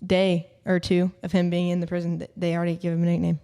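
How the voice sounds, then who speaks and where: A woman's voice: on the low side, completely flat delivery, fast talker, mellow, clean tone. Rambling young woman. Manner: rambling, filler-heavy storytelling. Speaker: podcast guest, college cheer captain. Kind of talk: casual podcast chat.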